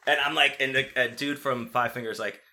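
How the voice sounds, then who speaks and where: A young man tells a rowdy bar story in casual conversation, swearing freely and acting out the other people's lines. His voice has a very bright, forward tone at an ordinary pitch. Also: brisk, slight background noise. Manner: profane, animated storytelling with acted-out quotes.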